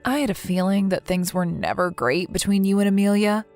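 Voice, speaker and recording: A woman's voice: medium pitch, fairly even intonation, a little fast, a little mellow, soft background music. Earnest woman in a text story. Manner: earnest, indignant and protective.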